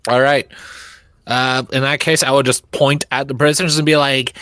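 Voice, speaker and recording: A man playing a tabletop game, excitable and giggly, often jumping into silly voices. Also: medium pitch, moderate pace, no room sound, clean studio sound. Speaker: player.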